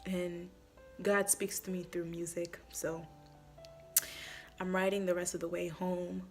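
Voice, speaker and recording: With faint music behind her, a woman speaks at a measured pace in a fairly low, level voice. She is a church member giving an emotional personal testimony for a vlog, conversational, full of fillers, and sometimes tearful.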